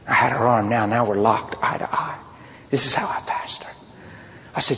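A man preaching a sermon as a pastor, telling stories in a blunt, animated way. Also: mid-range voice, fairly quick, noisy background. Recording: long hall reverb, faint ambience.

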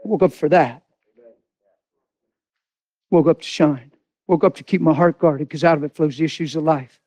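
A man preaching a sermon with great passion, swinging from loud outbursts to hushed, low lines. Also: moderate pace, no room sound.

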